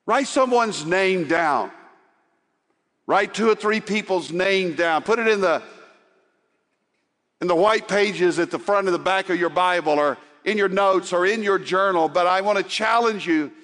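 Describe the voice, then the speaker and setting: A male preacher delivering an impassioned sermon. He rises into loud urging and then drops to quiet, hushed tones. His voice rings with a long hall reverb. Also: high voice.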